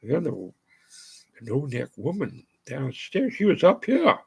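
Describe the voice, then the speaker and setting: A man's voice: mid-range voice, huge pitch swings, unhurried, creaky, dark tone, slightly rough. An older American man hosting his own show, talking in a rambling monologue full of fillers and restarts. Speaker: show host.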